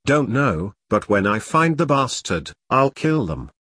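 A man doing a hoarse, injured ex-soldier. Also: mid-range voice, sing-song, a little slow, a bit bright, no room sound, studio quality, exaggerated voice. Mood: weary. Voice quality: hoarse whisper.

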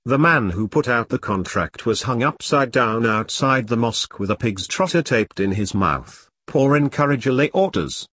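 A man's voice: mid-range voice, expressive, moderate pace, hardly any pauses, a bit bright, no room sound, clean studio sound. A man voicing a fierce, foul-mouthed woman in an audiobook, speaking bluntly and defiantly. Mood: matter-of-fact. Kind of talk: audiobook character reading.

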